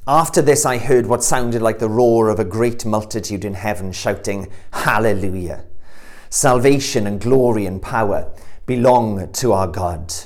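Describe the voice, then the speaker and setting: A man preaching a sermon, earnest, swelling louder and slower on the key words. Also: on the low side.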